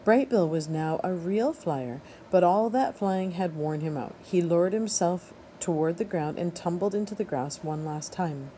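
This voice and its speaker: A woman reading a children's novel aloud in a steady, expressive narration. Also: lowish voice, moderate pace, hardly any pauses, slight background noise, low-quality recording. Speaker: audiobook reader. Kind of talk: storybook read-aloud narration.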